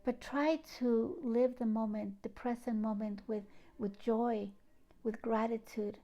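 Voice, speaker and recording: Gravelly, mellow-voiced woman with an accent. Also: a little high, fairly even intonation. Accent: foreign accent. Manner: soft, unhurried, heartfelt, with hushed asides. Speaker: spiritual channel host. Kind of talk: gentle inspirational talk and poem reading.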